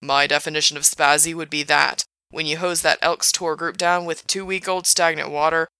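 A woman voicing a blunt young man who teases his friend in a deadpan, mocking way. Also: low voice, moderate pace, clear, resonant tone, no room sound. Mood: teasing. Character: blunt teasing young man, laid-back buddy.

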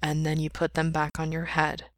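A woman voicing an exhausted young man in a hospital bed, speaking quietly and slowly. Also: deep voice, monotone, no echo, clean studio sound, natural voice. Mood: weary.

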